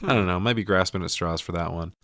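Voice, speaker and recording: A middle-aged man casually recapping a film, swearing, laughing and slipping into quick impressions. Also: deep voice, a bit bright, no echo, clean studio sound. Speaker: podcast co-host.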